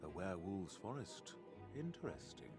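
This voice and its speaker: An actor playing a suave, dutiful butler in an anime, who speaks in a smooth, polished and courteous way. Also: male voice, low-pitched, sing-song, moderate pace. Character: suave, dutiful male butler, polite and knowing. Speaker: anime character. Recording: anime clip with loud music underneath. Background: loud background music.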